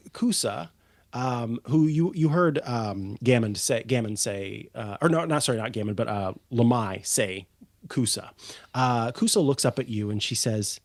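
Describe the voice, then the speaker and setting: A man narrating as game master of a tabletop game, unhurried and full of ums and uhs. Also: mid-range voice, a little mellow, no echo.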